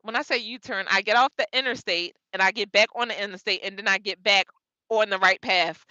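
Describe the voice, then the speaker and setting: A young woman telling a road story in a casual vlog, animated and laughing as she retells it. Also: mid-range voice, brisk, no echo, lo-fi sound. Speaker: vlogger, truck driver.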